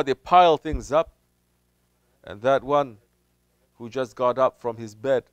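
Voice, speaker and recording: A man gives a lively sermon, often raising his voice to act out doubters and questioners. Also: mid-range voice, smooth, no echo. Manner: animated, acts out doubters in raised voice. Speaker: Sufi teacher.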